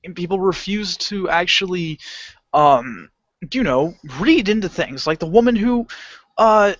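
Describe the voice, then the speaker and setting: A man's voice: high voice, unhurried. A young man co-hosting a podcast, telling a rowdy story about work and cursing freely as he acts out the people in it. The recording is dull and lo-fi, with a dry, close sound and no room echo. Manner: animated storyteller, swears a lot, acts out customers. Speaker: podcast co-host. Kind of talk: casual chat.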